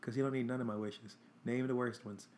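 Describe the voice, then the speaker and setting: A man's voice: mid-range voice, fairly even intonation, a little fast, a little mellow, a little hiss or hum. A young man hosting his own show, telling a dating story in a chatty, blunt, profane way and acting out both sides of a text exchange. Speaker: host. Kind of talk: casual storytime monologue.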